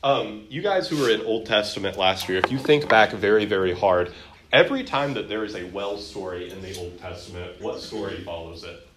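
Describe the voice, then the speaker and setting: A man's voice: lowish voice, a little fast, echoey room, slight background noise, rough recording. A man teaching a Bible lesson to a class, asking questions and acting out the quotes. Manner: lively, quizzing students and acting out quotes.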